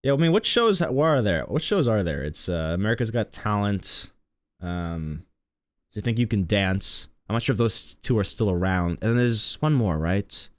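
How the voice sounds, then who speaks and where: A man's voice: lowish voice, lively intonation, moderate pace, dry recording. A man streaming live, chatting casually and rambling to his viewers.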